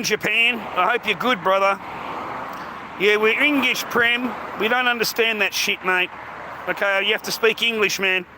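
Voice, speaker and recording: An Australian man livestreaming outdoors, rambling to his viewers, swearing heavily and calling everyone mate. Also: high-pitched. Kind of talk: casual livestream chat to viewers. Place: outdoors on a street. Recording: outdoor street noise, passing traffic.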